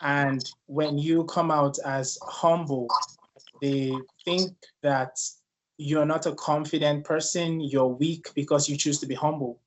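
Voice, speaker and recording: A man's voice: a little high, steady tone, slow. A man from Nigeria with a Nigerian accent, speaking earnestly and personally as a guest on a leadership panel discussion.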